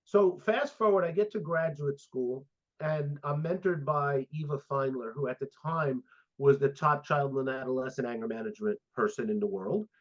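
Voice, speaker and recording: A man's voice: mid-range voice, normal speed. A man in his fifties, a sport psychologist guest, telling stories in a casual interview and acting out the dialogue. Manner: animated storyteller, acts out quoted dialogue. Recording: dull lo-fi audio.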